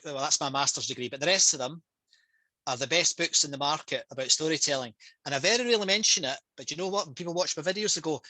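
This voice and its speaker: Bright, passionate Scottish man. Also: fairly high pitch, fast, no room sound, low-quality recording. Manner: passionate, energetic storytelling. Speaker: public speaker and trainer. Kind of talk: casual talk on a video call. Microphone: headset on a video call.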